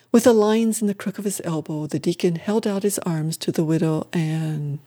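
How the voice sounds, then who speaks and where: Give me a warm, mellow voice reading a story aloud. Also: medium pitch.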